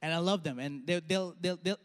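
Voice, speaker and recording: A man in his thirties preaching a sermon, telling stories and letting his phrases trail off softly. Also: high voice, a little fast. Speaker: pastor. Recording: long hall reverb.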